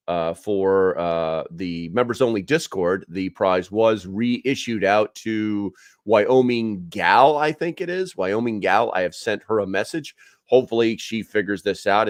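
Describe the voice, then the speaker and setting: A man's voice: fairly low pitch, no echo, clean studio sound. A man hosting a casual live stream, rambling with many fillers as he chats with viewers.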